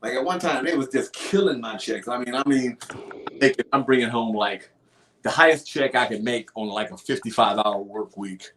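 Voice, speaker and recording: A young adult man telling his own story in casual podcast talk, animated and profane. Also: mid-range voice, moderate pace, slight background noise.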